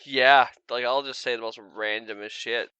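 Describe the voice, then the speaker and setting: A man's voice: mid-range voice, steady tone, normal speed, bright, forceful tone, smooth, no room sound. A man chatting as a podcast guest, blunt and crude in his jokes. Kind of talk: casual chat.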